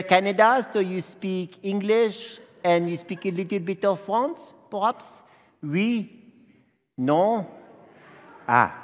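A man playing Gabriel, a boastful comic angel. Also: high voice. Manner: showy, jokey, playing to the crowd. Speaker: actor in a Christmas Eve church skit. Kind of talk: comic stage monologue. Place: church sanctuary before a congregation. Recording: echoey church hall.

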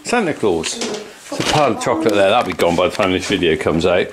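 A man's voice: deep voice, big pitch swings, brisk, a crowd in the background. A man hosting a casual cooking vlog at home, chatty and jokey as he bosses the kids along. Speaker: host. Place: home kitchen. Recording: noisy home recording.

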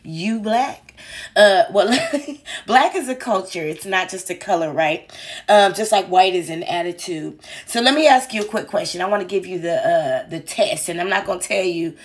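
A woman's voice: fairly low pitch, normal speed. Candid woman hosting a commentary channel. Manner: candid, playful, swears and laughs at own jokes. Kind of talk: casual commentary monologue.

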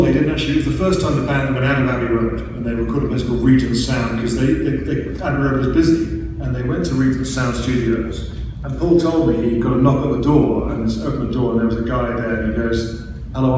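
An Englishman talks to a live audience in a halting, wry way, stopping and restarting his sentences often. He sounds far from the microphone, in a room with long ringing reverb. A clear hiss runs under his voice. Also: medium pitch, fairly even intonation. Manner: halting, many restarts and fillers, wry humor. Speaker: record producer presenting a remix. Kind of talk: casual talk to an audience.

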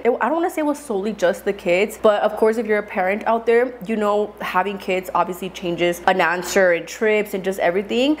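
A woman's voice: mid-range voice, quick pace, hardly any pauses, slight background noise. A young adult woman chatting casually to her viewers while eating, emotional and full of fillers and restarts. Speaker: vlogger. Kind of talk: casual mukbang chat to camera.

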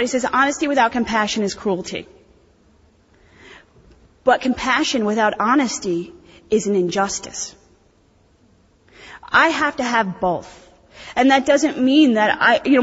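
A woman, giving a blunt, animated, profane recovery talk at a convention. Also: on the high side, husky. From New Jersey. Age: 30s. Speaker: AA convention speaker. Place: convention hall. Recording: dull recording in reverberant hall.

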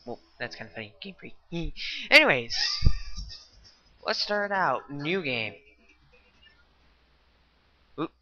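A jokey young man commenting on his gameplay in a bright, forceful voice. He swears freely and reads game text aloud. The recording sounds dull and lo-fi. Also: a little high, very animated, slow, pauses often. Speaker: let's play host.

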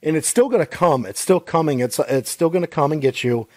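A man's voice: on the high side, fairly quick, darkish tone, no room sound. A man in his thirties co-hosting a podcast, talking earnestly in a casual, rambling way with many restarts. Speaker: podcast co-host. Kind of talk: casual chat.

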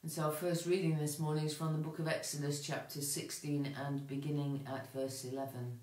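A man leading morning prayer, reading psalms and scripture aloud in a measured, steady recitation with occasional small self-corrections. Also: a little high. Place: church. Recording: echoey room.

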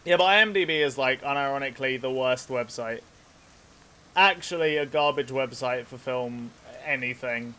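A man's voice: mid-range voice, normal speed, bright, forceful tone, clean tone. A young man with a nasal voice streaming a video game, chatting casually with his chat, swearing freely and rambling while he plays. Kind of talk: casual let's play commentary with chat.

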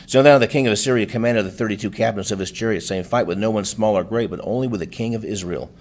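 Low-voiced man reading scripture in a sermon. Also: quick pace, a little mellow. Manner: reads aloud with frequent restarts and plain-spoken asides. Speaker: preacher. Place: church.

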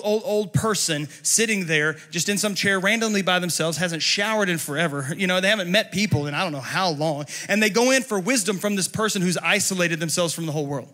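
A man preaching a sermon as pastor at a church service, passionate and often building up to shouting. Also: high voice, long reverb tail.

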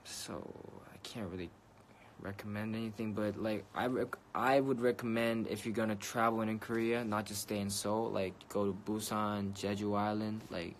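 A young man with a fairly low voice talks loosely into his phone on a live stream, full of slang, curses and easy laughs. He drifts between English and Korean as he answers comments, with a faint background hiss. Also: flat delivery, moderate pace. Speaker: rapper on a livestream. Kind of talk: casual livestream chat answering comments. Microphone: phone mic.

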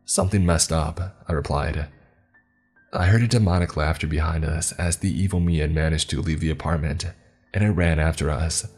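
A man narrating a horror story in a low, dark storytelling voice, with a husky tone. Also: a little fast. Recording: faint music behind.

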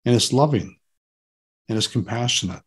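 A man's voice: medium pitch, normal speed, breathy edge. A man speaking as a guest in an interview, earnest and emphatic, often repeating words for stress. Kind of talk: relaxed interview talk.

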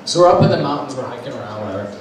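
A young man, a youth leader, telling a casual story to a group, animated and laughing as he talks. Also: mid-range voice, very fast. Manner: animated, laughing through his own story. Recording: echoey room, distant mic, background noise.

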